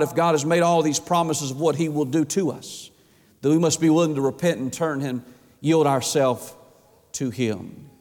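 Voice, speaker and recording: A pastor delivers an emphatic sermon, piling up rhetorical questions. His voice sits high for a man. The sound rings with the long reverb of a church sanctuary. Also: a little mellow.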